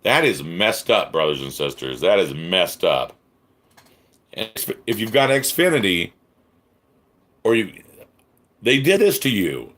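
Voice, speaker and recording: Angry guy ranting on his stream, lowish voice, cussing a lot, stumbling over his words. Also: very animated, measured pace, long pauses, a bit bright. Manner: furious, swearing, sarcastic mock voices; stammering restarts. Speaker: livestream host. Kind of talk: angry rant on a livestream, reading chat.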